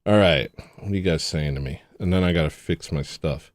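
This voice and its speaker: Man, livestream host, rambling and jokey, lowish voice, dry close mic. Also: a little fast, dry recording. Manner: rambling, joking, talks straight to chat. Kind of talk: casual livestream chat, reading viewer messages.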